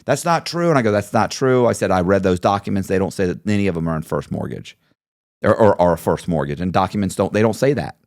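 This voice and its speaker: Man, low voice, dry close sound, lively storytelling, acts out quotes. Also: fast talker, vocal fry, dry recording. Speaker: podcast guest. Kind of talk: storytelling interview.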